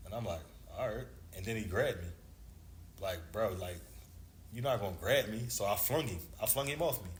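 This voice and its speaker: A man's voice: lowish voice, moderate pace. A man in his thirties, a former basketball player, telling a long story in a casual, slangy way and acting out the dialogue. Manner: laid-back slangy storyteller, acts out dialogue. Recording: echoey room with faint background noise.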